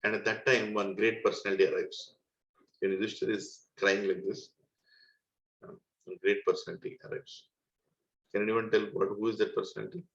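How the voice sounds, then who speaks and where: A man with an Indian English accent teaching a devotional scripture class over a group call, telling the story in an animated way with chuckling asides. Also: lowish voice, brisk, pauses often, echoey room, dull audio. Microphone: video call.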